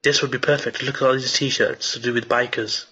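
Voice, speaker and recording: A man teaching a screen-share marketing tutorial and answering viewer questions, excited and repetitive, with lots of restarts, late at night. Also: medium pitch, fairly quick, breathy edge, lo-fi sound. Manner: enthusiastic, repeats himself, many restarts.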